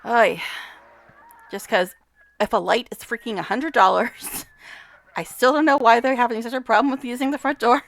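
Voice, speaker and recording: Gravelly-voiced woman chatting over gameplay. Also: on the high side, moderate pace, pauses often, a bit bright. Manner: chatty, talks to game characters, swears, laughs often. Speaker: gamer vlogger. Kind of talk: casual gameplay commentary.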